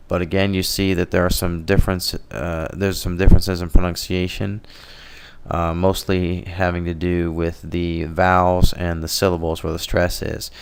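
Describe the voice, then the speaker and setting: A man teaching Spanish vocabulary over a slideshow in a relaxed, explanatory way, correcting himself as he goes. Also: low-pitched, vocal fry, clean tone. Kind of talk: slideshow language lesson.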